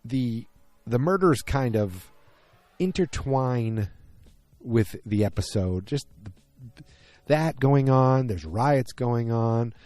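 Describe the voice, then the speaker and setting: A man's voice: medium pitch, lively intonation, takes it slowly, long pauses, dark tone, no room sound. A man hosting a podcast, recapping an episode in a rambling, unsure way and often second-guessing himself while talking outdoors. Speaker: podcast host. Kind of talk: casual solo episode recap.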